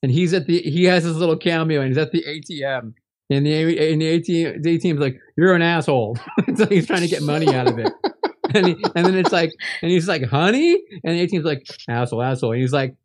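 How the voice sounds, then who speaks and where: A male podcast co-host talking through movies in a loose, rambling way. His voice sits a little high, and he laughs often and keeps restarting his sentences. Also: quick pace, darkish tone. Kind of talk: casual movie-review chat.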